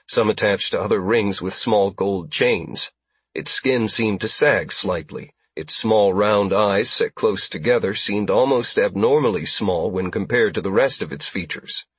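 A man narrating a science fiction audiobook in a steady, even storytelling manner. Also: fairly low pitch, slightly rough, no echo. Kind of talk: scripted narration.

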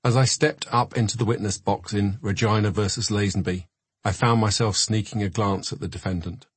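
Low husky man narrating a memoir. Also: steady tone, a little fast, no echo.

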